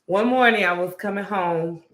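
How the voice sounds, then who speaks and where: A woman's voice: mid-range voice, normal speed, fairly bright tone. A woman co-hosting a podcast, telling stories in a casual chat with lots of fillers. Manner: chatty storytelling with many fillers. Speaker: podcast co-host. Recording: roomy echo.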